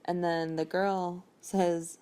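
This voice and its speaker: Her voice sits on the low side, mellow and smooth, with little pitch movement and a slow pace. She's a podcast host recapping a novel in a casual, chatty, rambling way, full of fillers and laughs.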